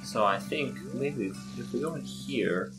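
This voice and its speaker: A man's voice: medium pitch, unhurried, reverberant, music in the background. A man hosting a let's play, joking and reading game text aloud. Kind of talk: casual let's play commentary.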